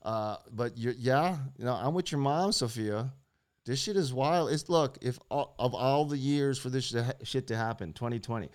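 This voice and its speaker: A man's voice: mid-range voice, moderate pace, darkish tone. A man co-hosting an online talk show in loose, joking chat, swearing freely and laughing often. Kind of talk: casual chat.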